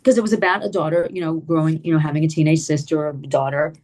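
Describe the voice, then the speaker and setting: A middle-aged woman with a fairly low-pitched voice tells a personal story as an interview guest. She talks in an animated, loose way. She leans on "like" and "you know" and jumps her pitch up when she acts out what people said. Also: fast talker. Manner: frequent "like" and "you know" fillers.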